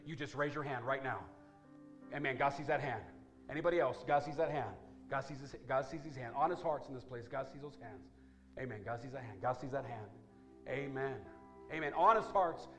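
Emphatic preaching man, soft music behind. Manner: preaching with rising, emphatic build-ups and soft, low appeals. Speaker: pastor. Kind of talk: sermon with altar call. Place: church sanctuary.

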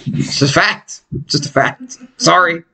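Man, somewhat higher voice; crude, jokey podcast host prone to impressions. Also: a little slow, creaky, sharp tone, slightly rough. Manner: jokey, mimics others in high voices. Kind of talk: crude casual banter.

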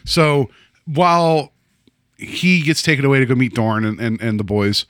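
A man co-hosting a podcast, casually recapping a TV episode, animated and laughing as he acts out quoted lines. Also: mid-range voice, moderate pace, no echo, studio quality. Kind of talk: casual chat.

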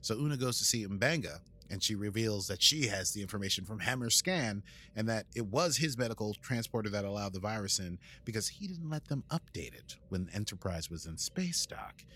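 A man's voice: lowish voice, expressive, a little fast, a bit bright, slightly rough. A man, a podcast host casually recapping an episode in a rambling, playful way. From United States. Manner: rambling, playful, adds sound effects. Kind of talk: casual chat.

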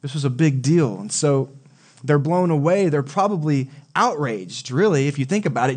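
A male pastor preaching a sermon in a relaxed, conversational way, often asking the congregation questions. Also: fairly high pitch, moderate pace. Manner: conversational, asks the audience questions.

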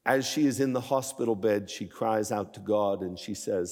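A man in his sixties preaching a sermon as guest speaker, shifting from measured storytelling to impassioned, emphatic appeals. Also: on the low side, a little mellow, in a large hall. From Pennsylvania. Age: 60s.

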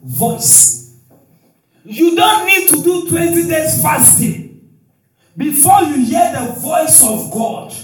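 A man preaching with a high, lively voice, drawing out his words slowly. He calls out questions for the congregation to answer and bursts into shouted hallelujahs. He is heard from a distance in a very echoey hall, with faint music behind him. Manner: call-and-response preaching with shouted exclamations and frequent hallelujahs. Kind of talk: sermon.

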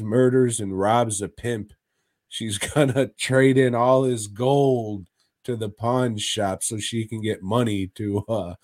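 A man's voice: lowish voice, darkish tone, no room sound. A man co-hosting a podcast, recapping stories in a crude, rambling, casual way. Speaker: podcast co-host.

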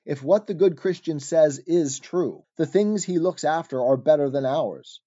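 A man's voice: on the high side, measured pace, dark tone, dull audio. Mild, easily swayed neighbour Pliable, read by a man. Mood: conciliatory. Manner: mild, conciliatory, archaic speech.

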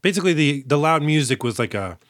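A man's voice: a little high, lively intonation, fast talker, fairly bright tone, no echo. Joking man retelling a movie, dry sound. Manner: joking storyteller, acts out scenes, swears freely. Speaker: podcast co-host. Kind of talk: casual movie-recap chat.

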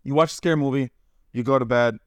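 A man co-hosting a podcast in casual chat, easygoing and reflective, thinking out loud. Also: mid-range voice, fast talker, clear, resonant tone, dry recording, lo-fi sound. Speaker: podcast co-host.

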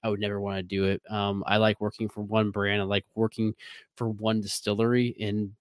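Man, Midwestern accent, lowish voice, dry close sound, casual rambling chat. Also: level tone, fairly quick, clean tone, dry recording. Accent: Midwestern American. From American Midwest. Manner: rambling, many fillers and restarts. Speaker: whiskey brand ambassador. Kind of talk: casual interview talk.

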